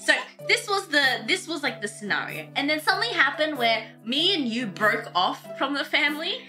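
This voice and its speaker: A woman with an Australian accent in casual chat, animated and laughing often, mimicking other voices. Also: high voice, normal speed. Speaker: streamer. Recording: music behind the voices.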